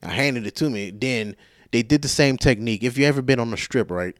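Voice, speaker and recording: A male podcast host telling a rambling story in casual chat, profane, animated and self-mocking, sounding tired. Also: medium pitch, brisk, no room sound, studio quality.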